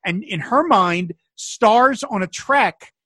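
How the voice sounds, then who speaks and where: A man hosting a casual podcast chat, telling an anecdote with lively acted-out quotes. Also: high voice, slow pace, husky, dry recording. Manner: animated storyteller, acts out quotes. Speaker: podcast host.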